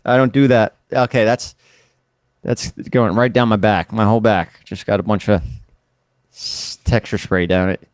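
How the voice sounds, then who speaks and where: A man's voice: fairly low pitch, fairly even intonation, measured pace, dry recording. A man hosting a podcast in casual chat, joking and rambling with mock-tough banter. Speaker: podcast host.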